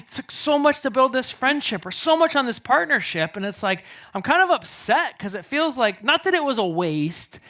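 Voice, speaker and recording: A man, preaching a sermon as a pastor in a casual, animated storytelling way. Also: very high-pitched.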